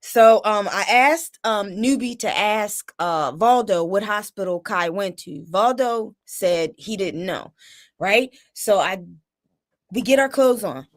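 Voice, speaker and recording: A woman's voice: mid-range voice, animated, takes it slowly. Middle-aged woman telling a story live. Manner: tag questions, repeats and restarts; dramatic, reliving the moment. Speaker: live-stream host. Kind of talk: casual emotional storytelling. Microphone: phone or webcam live stream.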